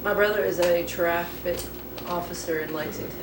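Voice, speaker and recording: A woman's voice: on the low side, fairly even intonation, normal speed. A woman chatting casually on a podcast, adding a side story. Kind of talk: casual chat. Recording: echoey room from far off, clear noise.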